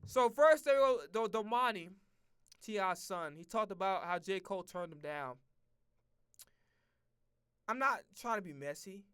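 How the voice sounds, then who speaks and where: A man streaming, talking in a casual, profane, animated rant full of restarts and repeated words. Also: high voice, unhurried, pauses often, smooth, dry recording, clean studio sound.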